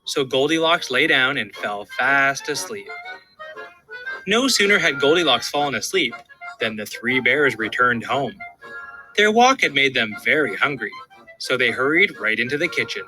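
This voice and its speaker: A man narrating a children's story in a clear, measured storytelling voice. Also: medium pitch, animated, rough recording. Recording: studio narration with soft music behind.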